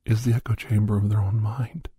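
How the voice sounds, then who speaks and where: A man's voice: lowish voice, flat delivery, fairly quick, mellow, slightly rough, no room sound. A man in a Grinch costume telling a rambling comedic story, digressive and often half whispering.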